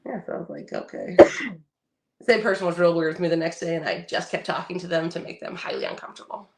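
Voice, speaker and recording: Gravelly low-voiced woman, blunt storyteller. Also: rapid-fire. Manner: blunt storyteller, swears freely, acts out quotes. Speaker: podcast co-host. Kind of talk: casual chat.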